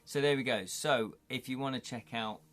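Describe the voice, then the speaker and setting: A man's voice: medium pitch, normal speed, fairly bright tone. Middle-aged male host, live-stream banter, laughs a lot, casual. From United Kingdom. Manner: chatty, jokey, laughs often. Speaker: livestream host. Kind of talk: casual chat reading live comments.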